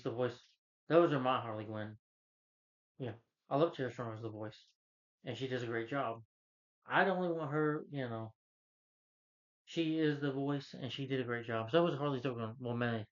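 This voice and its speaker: Rambling man recapping a film, lo-fi. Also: medium pitch. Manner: rambling, full of fillers like "you know" and "like". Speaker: film reviewer. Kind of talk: casual spoken movie recap.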